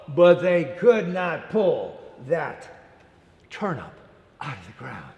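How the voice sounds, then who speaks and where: A man's voice: high voice, big pitch swings, unhurried, a little mellow. A man telling a picture-book story to young children, acting it out playfully and giving the characters their own voices. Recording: echoey room with long reverb.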